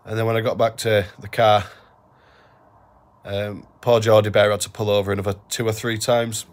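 A man vlogging to camera while ill, talking quietly and apologetically. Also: fairly low pitch, level tone, normal speed. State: ill and weak. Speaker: hiking vlogger. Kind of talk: casual vlog to camera.

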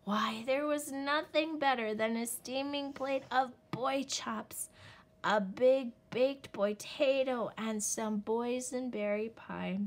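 A woman's voice: a little high, slow pace, voice pushed up. Woman doing a weary father wolf. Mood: reminiscing. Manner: sighing, gently stern.

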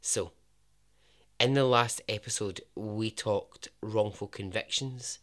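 A Scottish man hosting a podcast, narrating a true story in a chatty way with jokey asides and a lowered voice for emphasis. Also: takes it slowly, fairly bright tone. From Scotland. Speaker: podcast host.

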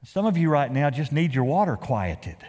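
Male pastor, middle-aged, lively sermon delivery, slightly high voice, long church reverb. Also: normal speed. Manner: animated preaching, swings from loud emphasis to hushed lows; folksy, joking asides. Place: large church sanctuary.

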